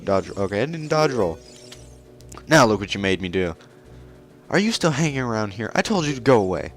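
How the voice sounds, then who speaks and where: A man with a low voice chatting casually over his gameplay. He jokes and teases in a sarcastic, offhand way. Faint video game music plays behind him. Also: sing-song, brisk. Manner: sarcastic, joking. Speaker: let's play host.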